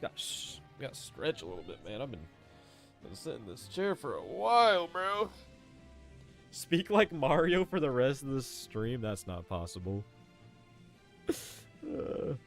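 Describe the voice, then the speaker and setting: Animated young man streaming, swearing casually. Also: mid-range voice, measured pace, pauses often. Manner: chatty and profane, says "bro" constantly, often laughs. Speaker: live streamer playing a video game. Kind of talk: casual gaming commentary. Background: faint game music.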